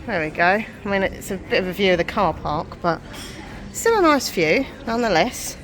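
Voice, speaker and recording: A woman's voice: mid-range voice, expressive, moderate pace, a bit bright. A woman from England talking casually to her camera as she walks about and sits in a café, chatty and self-deprecating. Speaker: vlogger. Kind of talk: casual chatty vlog narration. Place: out and about, then inside a busy café.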